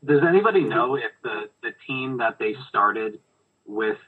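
A man's voice: medium pitch, lively intonation, measured pace, a loud crowd. A man co-hosting a casual movie review podcast, rambling and hesitant, heard over a tinny phone-like line. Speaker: podcast co-host.

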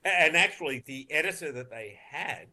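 A man's voice: fairly high pitch, lively intonation, normal speed, sharp tone. A man, a film editor telling rambling, laughing stories in an interview and swearing freely. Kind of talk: casual interview storytelling.

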